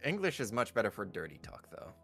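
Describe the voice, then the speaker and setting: A man with a low, gravelly voice muses aloud in casual chat, dropping crude jokes. Faint music sits behind him. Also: wildly swooping pitch, fast, fairly bright tone. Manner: musing, crude jokes, laughing. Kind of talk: casual banter.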